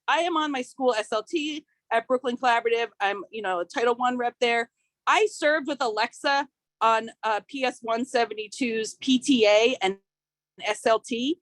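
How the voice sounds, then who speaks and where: A high-pitched woman speaks up at a public meeting, furious and emphatic, leaning on "like" over and over. She is in her thirties and is heard close and dry. Her tone is impassioned rather than formal. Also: normal speed, a bit bright, no room sound. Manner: outraged, repetitive "like", emphatic.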